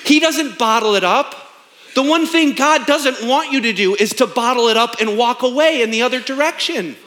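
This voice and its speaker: A man's voice: very high-pitched, lively intonation, normal speed, fairly bright tone. A man in his thirties, a pastor preaching a sermon in an emphatic, conversational way with rhetorical questions.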